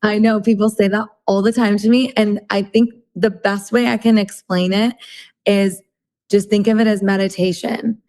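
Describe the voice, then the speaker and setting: A woman's voice: mid-range voice, flat delivery, normal speed, a little mellow. A woman guest on a casual podcast, explaining earnestly and peppering her talk with "like" and "you know".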